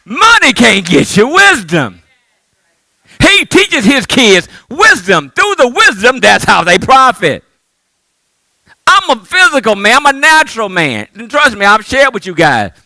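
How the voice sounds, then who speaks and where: A middle-aged man from the pulpit in a strikingly high, lively voice that leaps up and down. The sound is bright and dry, close and without room echo. He calls out to the congregation and swings between near-shouts and hushed asides. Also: a little slow. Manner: call-and-response preaching, swinging from loud to hushed. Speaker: pastor. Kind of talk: sermon.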